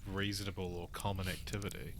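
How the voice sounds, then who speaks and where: A man's voice: low voice, little pitch movement, fast talker, slight background noise. A man co-hosting a podcast, chiming in with dry jokes. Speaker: podcast co-host. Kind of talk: casual chat.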